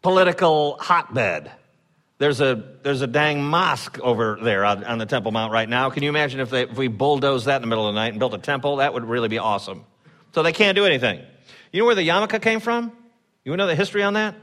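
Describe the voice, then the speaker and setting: A male pastor giving a sermon in a church sanctuary, telling stories in a conversational way and acting out quoted voices with lively swings. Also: mid-range voice, fast talker.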